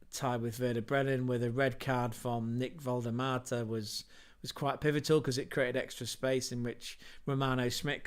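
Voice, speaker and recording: A man's voice: mid-range voice, smooth. A man hosting a casual football livestream, running through team lineups with jokey asides, wordplay and self-corrections. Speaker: football podcast host.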